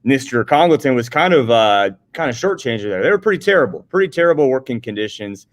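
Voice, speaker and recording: A man's voice: medium pitch, fairly quick. A man with a North Dakota accent, a teacher co-hosting a class vodcast in an upbeat, jokey, casual way. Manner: upbeat, jokey, energetic greetings.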